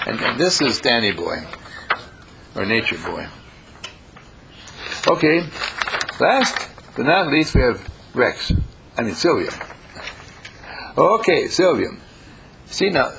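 Gravelly-voiced man giving gentle class feedback. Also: medium pitch, slight background noise. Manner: gentle, meandering critique with frequent hesitations. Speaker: workshop teacher. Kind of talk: classroom feedback on student writing.

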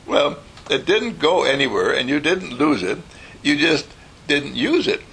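A man gives an inspirational talk in a gravelly voice that swings up and down. He tells stories with energy and laughs easily between points. His tone is bright and forceful. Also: a little high, unhurried. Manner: animated storyteller who acts out voices and laughs.

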